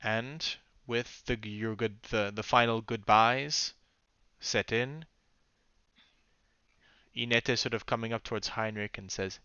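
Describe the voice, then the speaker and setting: A man's voice: medium pitch, steady tone, slow, pauses often, sharp tone, clean tone, no room sound, muffled recording. A man narrating as game master of a tabletop game, hesitant and often searching for words.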